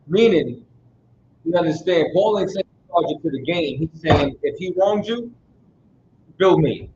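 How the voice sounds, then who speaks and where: A man's voice: on the high side, animated, a little slow, a little mellow. A man teaching a Bible study in a casual, emphatic way, constantly checking that his listeners follow him. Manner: casual street-style speech. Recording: roomy, dull sound with faint noise.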